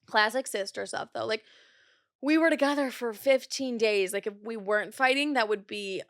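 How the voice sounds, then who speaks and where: A woman's voice: a little high, moderate pace, fairly bright tone, no room sound, studio quality. Chatty young woman podcast host. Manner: chatty, swears a lot, says "like" often. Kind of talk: casual chat.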